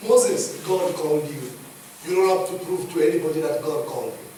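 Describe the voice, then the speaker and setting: A man with a Kenyan accent preaching a sermon as pastor, emphatic, swinging between loud and hushed. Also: a little high, brisk. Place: church hall. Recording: echoey hall, distant mic, faint noise.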